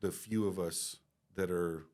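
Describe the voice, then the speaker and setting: This low-pitched male voice stays steady, a little slow and a little mellow. As co-host of a business podcast and a member of the company team, he talks openly and informally, with occasional swearing and repeated starts.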